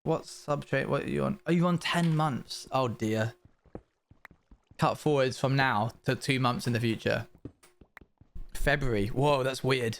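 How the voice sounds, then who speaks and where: A young British man streaming live, chatting casually and answering his viewers' questions in quick, upbeat bursts. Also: mid-range voice, vocal fry. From Britain. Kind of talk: casual livestream chat with viewers.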